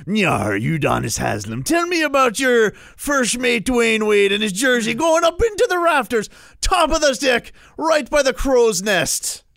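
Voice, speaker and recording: A hammy pirate interviewer, put on by a man, growling and drawn-out. He jumps high in pitch with big swoops. Dry, close sound. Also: very animated, vocal fry, a bit bright, no echo, full character voice. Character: loud pirate-style sports interviewer man.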